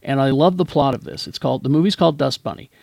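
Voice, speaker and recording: Gravelly, dry-voiced man chatting casually. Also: mid-range voice, quick pace, darkish tone, no room sound. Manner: rambling, chatty, lots of fillers. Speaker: podcast host. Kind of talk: casual chat.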